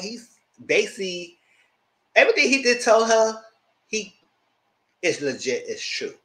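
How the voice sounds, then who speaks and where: A TV show reviewer gives an animated, casual recap of a reality show on a rough recording. He tells the story with gusto, acting out quotes in a squealing high voice, laughing loudly and shouting asides.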